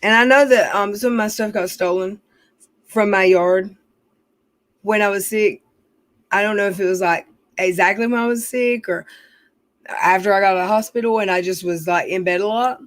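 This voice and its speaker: A woman's voice: mid-range voice, moderate pace, long pauses. Rambling middle-aged woman streamer. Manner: rambling, profane, venting. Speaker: livestreamer reading chat. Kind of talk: casual livestream chat.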